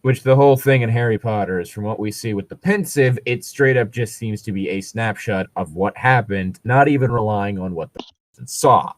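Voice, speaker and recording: Guy with a really deep voice, dry close mic, chatty podcast cohost reading fanfic. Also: a little fast, dry recording. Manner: casual, chatty, explains at length. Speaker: podcast co-host reading aloud. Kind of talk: comedic fanfic reading with banter.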